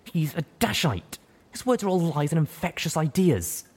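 A man voicing a fearful young pegasus stallion, shrill and hissing, for a storybook reading. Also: sing-song, moderate pace, slightly rough. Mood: accusing.

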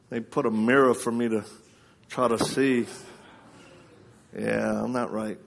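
A man's voice: mid-range voice, unhurried, vocal fry, pauses often. A man preaching at a live service, telling a story with lots of laughter and acting out the voices of the people in it. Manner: animated, laughing storyteller who acts out quoted voices. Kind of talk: storytelling sermon.

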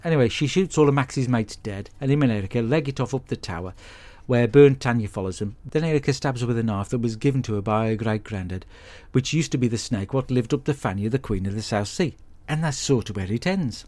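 A man hosting a podcast, recapping a film in a sweary, deadpan, blokey monologue. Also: medium pitch, brisk, hardly any pauses. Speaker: podcast host. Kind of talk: comic film review monologue.

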